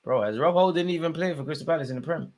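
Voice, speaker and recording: A young man, commentating live on a football match for his viewers and shouting at the screen. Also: a little high, racing. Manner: excitable, swings from muttering to shouting at the screen. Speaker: football watchalong host. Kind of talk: live watchalong commentary, casual.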